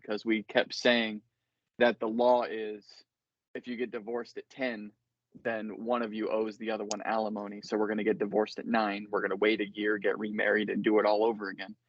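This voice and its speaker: A man in his thirties hosting a casual chat on a video call, relaxed and agreeable, swearing casually. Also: fairly low pitch, no room sound. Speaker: podcast host. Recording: dull dry video call audio.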